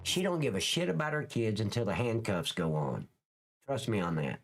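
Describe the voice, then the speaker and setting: A man's voice: on the low side, wildly swooping pitch, moderate pace, faint music behind. A man, a former police officer, giving blunt, profane commentary over clips in a casual livestream, dragging out words for emphasis.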